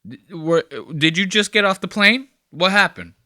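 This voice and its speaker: A man's voice: high voice, moderate pace, sharp tone, no echo. A man hosting a podcast, giving casual reaction commentary in a profane, mocking way. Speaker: podcast host.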